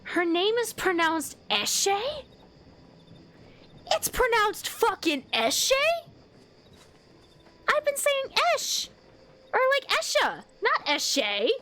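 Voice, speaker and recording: A woman streaming a video game, chatting casually, reading menu items aloud, getting excited and swearing freely. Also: extremely high pitch, slow, pauses often, slight background noise.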